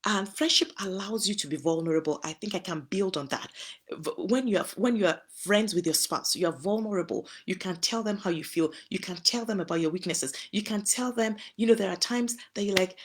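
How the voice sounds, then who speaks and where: Husky Nigerian-born woman giving marriage advice. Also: mid-range voice, fairly quick. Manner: earnest, advising, with homely examples. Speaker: host. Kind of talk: relationship talk to listeners.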